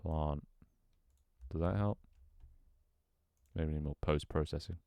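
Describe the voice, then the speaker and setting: A man with a very deep, low voice mutters and thinks aloud while he builds a game level on stream. He swears freely, banters with his chat, and his voice sometimes cracks. The sound is dry and close, with no room echo. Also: takes it slowly, darkish tone. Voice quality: voice cracks at times. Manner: mutters to himself, swears often, jokes with chat.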